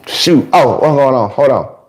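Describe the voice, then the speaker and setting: A male livestream host shouting a sports rant and repeating lines for emphasis, with the mic right under his chin. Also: mid-range voice, lively intonation, normal speed, reverberant, rough recording.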